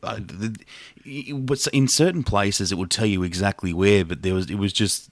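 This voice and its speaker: A man's voice: on the low side, moderate pace, no room sound, clean studio sound. A man with an Australian accent, co-hosting a film podcast and teasing his co-host in casual chat. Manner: teasing, bouncy delivery.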